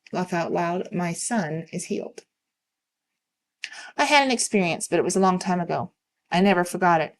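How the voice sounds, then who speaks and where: A woman reading online stories aloud in a calm, steady way. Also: lowish voice. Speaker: narrator reading online posts.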